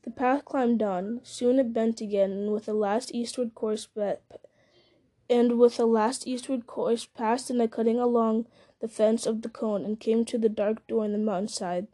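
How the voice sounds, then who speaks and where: A woman reading a story aloud at a measured pace, with occasional slips and restarts. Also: a little high, steady tone, dark tone. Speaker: reader. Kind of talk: audiobook-style story reading.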